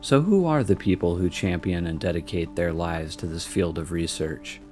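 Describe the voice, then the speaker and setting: A man reading scripted documentary narration in a measured, even way. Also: deep voice, faint music behind.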